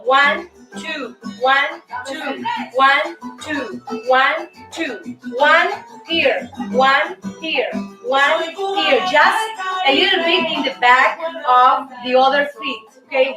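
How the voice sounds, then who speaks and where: A high-pitched woman with a Cuban Spanish accent leads a dance lesson, speaking slowly and counting the beats aloud in an upbeat, coaxing way. She sounds set back from the mic in an echoey room, with faint music behind her. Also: expressive, far from the mic. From Cuba. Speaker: host and dance teacher.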